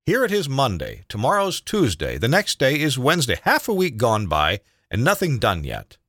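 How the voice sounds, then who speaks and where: An older man voicing a brusque, energetic old carpenter with a commanding, impatient way of speaking. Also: medium pitch, normal speed, dry recording, pitched above the performer's own voice, exaggerated voice.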